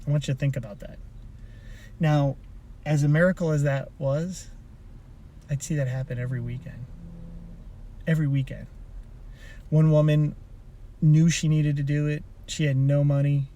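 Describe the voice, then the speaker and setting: Male personal development coach, casual motivational storyteller, rambling with restarts, slightly high and warm-toned. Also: steady tone, normal speed, long pauses, highs cut off. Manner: rambling, with frequent restarts and asides. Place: inside a car.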